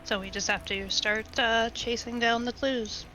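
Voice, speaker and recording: A woman's voice: fairly high pitch, fairly even intonation, a little slow, pushed and bright, soft background music. A woman playing in a tabletop game, talking casually in an upbeat, rambling way. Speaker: player.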